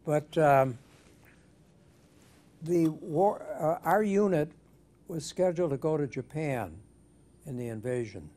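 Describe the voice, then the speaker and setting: An older man being interviewed for an oral history, speaking in a measured, thoughtful way with frequent restarts. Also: fairly high pitch, animated, warm tone.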